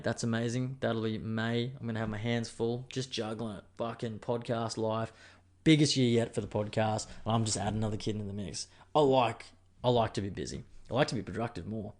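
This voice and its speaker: A man with an Australian accent hosting his own podcast, rambling casually, joking and swearing freely. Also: mid-range voice. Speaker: podcast host. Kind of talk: casual solo podcast chat.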